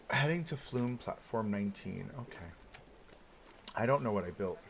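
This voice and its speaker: A man's voice: on the low side, expressive, unhurried, vocal fry, a little hiss or hum. A man casually talking through his theme park build on a live stream, thinking aloud with lots of "like" and "right?". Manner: chatty, thinking aloud with many "like"s and rhetorical "right?".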